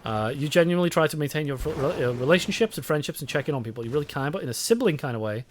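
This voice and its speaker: A man's voice: a little high, expressive, racing, slight background noise. Rambling, swearing young British streamer man. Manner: swearing, rambling, reads chat aloud. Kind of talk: casual live-stream chat while gaming.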